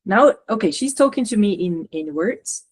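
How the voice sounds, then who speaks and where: A woman channeler and coach guiding a spiritual session over a video call, talking in halting, searching phrases. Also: mid-range voice, expressive. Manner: halting, searching, relays messages.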